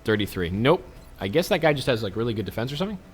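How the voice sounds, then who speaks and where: A man's voice: mid-range voice, sing-song, very fast, slightly rough, faint music behind. Chatty man narrating his gameplay. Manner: chatty, joking asides to viewers. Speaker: let's play host. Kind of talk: casual gameplay commentary.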